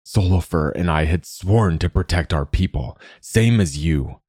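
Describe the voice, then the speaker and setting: A man voicing a weary, gruff but kind old male swordsman, speaking in a low murmur in a storybook reading. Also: a little slow, a little mellow, dry recording, clean studio sound.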